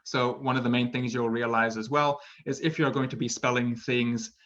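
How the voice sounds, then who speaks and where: A man's voice: mid-range voice, flat delivery, normal speed, fairly bright tone, lo-fi sound. A man teaching a casual live online English lesson, encouraging and often checking in with "right?". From Britain.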